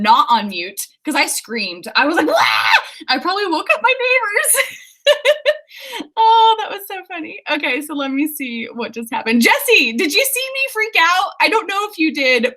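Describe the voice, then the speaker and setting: A young woman chatting casually on a livestream from her apartment, giggling often and reading viewer comments aloud. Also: high-pitched. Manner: giggly, excitable, laughs often. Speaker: author livestreaming writing sprints.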